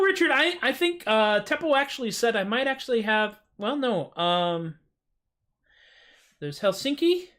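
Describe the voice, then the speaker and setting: A man hosting a live music stream, bantering goofily and theatrically between comic songs. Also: a bit bright. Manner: goofy, theatrical, jumps in pitch. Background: acoustic guitar.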